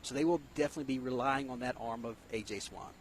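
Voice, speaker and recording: Quick male commentator with faint noise. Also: mid-range voice. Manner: halting starts, analytical. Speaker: color commentator. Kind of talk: high school football commentary.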